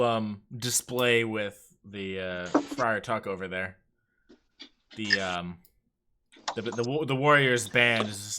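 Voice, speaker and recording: A man narrating a tabletop game as game master, animated and laughing often, with a rambling, filler-heavy delivery. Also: lowish voice, noisy background.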